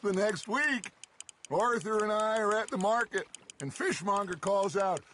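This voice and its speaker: An actor playing a charismatic outlaw gang leader who reminisces fondly and with theatrical flair in a video game. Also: male voice, high voice, unhurried, pushed and bright, a little hiss or hum.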